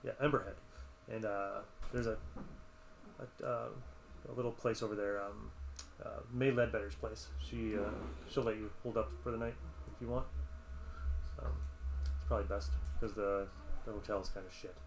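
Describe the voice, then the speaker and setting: A man's voice: on the low side, steady tone, normal speed, creaky, long pauses, slight background noise. A man running a tabletop adventure as game master, talking casually with many fillers and restarts.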